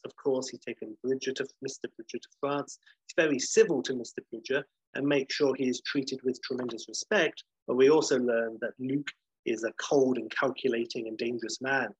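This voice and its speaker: A man's voice: mid-range voice, breathy edge, no echo, rough recording. A man casually retelling a film plot, chatty with many fillers, acting out the dialogue.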